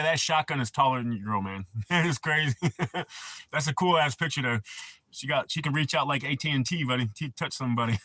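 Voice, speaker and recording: A middle-aged man chatting casually on a live stream. His voice is bright and forward, his talk loose and full of swearing. He laughs easily between remarks. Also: medium pitch. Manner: laid-back, swears freely, laughs often. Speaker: livestream host.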